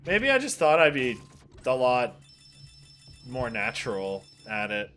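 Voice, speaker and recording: Dry-joking young man, bright voice. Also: medium pitch, huge pitch swings, unhurried. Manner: dry, self-deprecating joking. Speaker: let's play co-host. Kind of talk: casual gaming commentary. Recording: game music behind.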